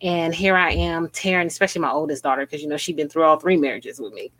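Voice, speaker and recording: A middle-aged woman with a low voice, speaking as a podcast co-host. She tells personal stories at length, with rambling, heartfelt delivery. Her talk is casual and open. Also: quick pace, a bit bright, dry recording. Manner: emotional, rambling storytelling with laughs. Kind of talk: casual chat.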